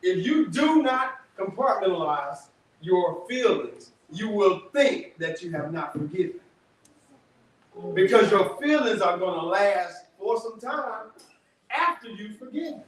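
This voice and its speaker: A man giving an animated testimony talk to a workshop audience, telling stories in casual vernacular. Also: high-pitched, measured pace. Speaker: workshop speaker. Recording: echoey room, distant mic, background noise.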